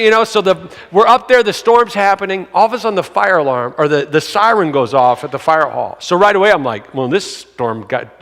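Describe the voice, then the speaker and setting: Animated preaching man, high voice. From grew up in a city. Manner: animated, acts out quoted voices, shouts for emphasis. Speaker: pastor. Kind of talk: sermon with storytelling. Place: church sanctuary. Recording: long hall reverb.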